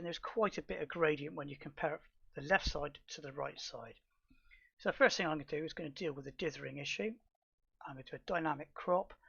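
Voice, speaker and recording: A middle-aged man calmly explaining software steps in a tutorial, with fillers and restarts. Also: fairly high pitch, vocal fry, breathy edge, muffled recording. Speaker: astrophotography tutor. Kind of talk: screen-recorded software tutorial.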